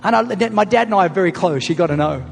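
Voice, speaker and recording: A middle-aged man preaching a sermon as a pastor, telling a story emphatically and building to loud punchlines. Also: high voice, fast, vocal fry. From Australia. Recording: long hall reverb, faint music.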